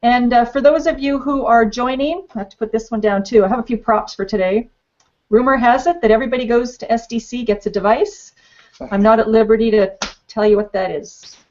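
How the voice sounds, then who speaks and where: A bubbly woman with a fairly high voice hosts a live online panel, chatty and playful, with plenty of ums and uhs. The sound comes through a dull, lo-fi web stream. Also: brisk, darkish tone. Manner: bubbly, playful, many fillers. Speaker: host.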